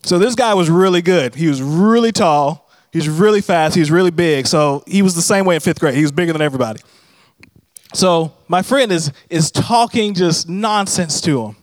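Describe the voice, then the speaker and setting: Young male pastor, high voice, chatty and funny sermon delivery, dry close sound. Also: expressive, normal speed, dry recording. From Texas. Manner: conversational, humorous storytelling preacher.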